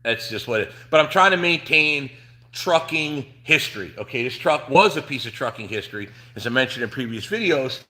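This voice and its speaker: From his truck shop, a middle-aged New Jersey trucking channel host chats on a livestream in an animated, sharp mid-range voice at normal speed. His talk rambles, peppered with fillers and restarts.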